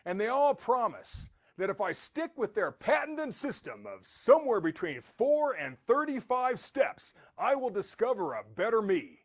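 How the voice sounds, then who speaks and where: A man's voice: sits high, big pitch swings, a little slow, hardly any pauses. A man giving a rambling, storytelling motivational talk as a podcast host.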